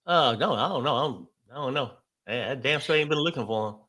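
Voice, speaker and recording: A relaxed co-host in a casual chat, joining in the conversation easily. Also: medium pitch, fast talker.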